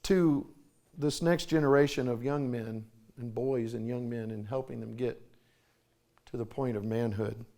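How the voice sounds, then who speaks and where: A middle-aged conference speaker gives a sermon in a church sanctuary, full of folksy stories where he acts out voices. He has a mid-range voice with a dark tone, fairly even intonation, and a measured pace.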